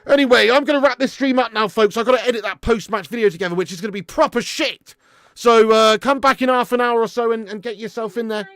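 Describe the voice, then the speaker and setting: A man hosting a live stream, signing off with rapid viewer shout-outs, sweary and exasperated. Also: extremely high pitch, no room sound, clean studio sound. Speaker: host. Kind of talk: live stream sign-off chat.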